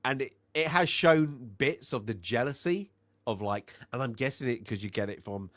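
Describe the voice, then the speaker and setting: Male co-host, mid-pitched, rambling scene recap with quick impressions, dry close mic. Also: animated, fairly bright tone, no echo. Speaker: film review podcast co-host. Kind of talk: casual chat.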